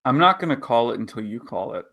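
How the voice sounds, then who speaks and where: Man, podcast co-host, casual chat, teasing tone, mid-pitched voice. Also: sing-song, fast, sharp tone. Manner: playful, teasing.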